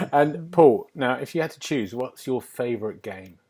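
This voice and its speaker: A man's voice: medium pitch, expressive, slow pace, darkish tone, a little hiss or hum. A man hosting a podcast over a remote call, laughing often and asking a guest questions with many "um"s. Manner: friendly interviewer, laughs often, asks questions with fillers. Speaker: podcast host. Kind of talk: casual podcast chat.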